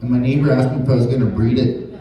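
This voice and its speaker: A man's voice: medium pitch, fairly even intonation, rapid-fire, dark tone. A man from Canada doing a crude, rambling stand-up set, swearing a lot. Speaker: stand-up comedian. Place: large indoor hall, live show. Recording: echoey hall from far off, crowd noise. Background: audience laughter.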